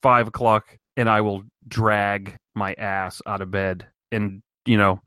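Low-voiced man in dry casual chat. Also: flat delivery, slow, sharp tone, smooth, no room sound. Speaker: podcast co-host.

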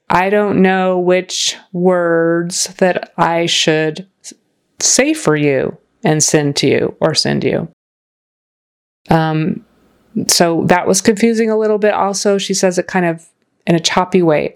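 Lady tutor, lowish voice, slow and patient, says phrases over and over. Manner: patient, explains slowly, models phrases aloud. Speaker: accent and grammar coach. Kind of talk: reviewing a student's recording.

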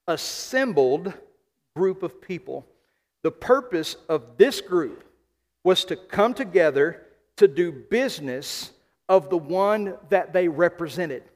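A man from the American South preaching a sermon as pastor, emphatic, slowing and repeating key phrases. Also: on the high side, a little mellow. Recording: long hall reverb.

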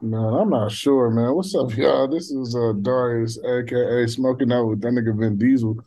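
A man's voice: mid-range voice, moderate pace, warm tone. A man on a comedy podcast, laid-back and profane, laughing as he talks. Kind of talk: casual comedy podcast banter.

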